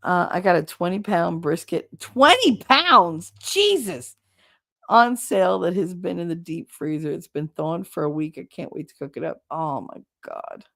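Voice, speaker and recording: A woman with a New Jersey accent hosting a casual livestream chat, chatty and blunt, her voice going hoarse from talking so long. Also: on the low side, steady tone, moderate pace, hardly any pauses. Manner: chatty, rambling, blunt with swearing. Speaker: livestream host reading chat.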